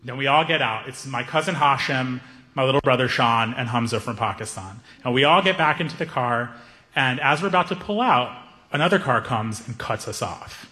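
A man telling a stand-up story, animated, acting out the people in it. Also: mid-range voice, moderate pace. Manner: animated, acts out characters. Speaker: stand-up comedian. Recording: echoey hall reverb.

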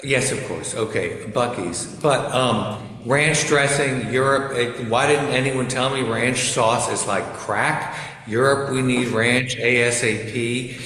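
A man's voice: medium pitch, slow pace, sharp tone. Male guest, wry, echoey room on a video call with long reverb. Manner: wry, amused. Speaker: guest commentator. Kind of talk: talk radio interview.

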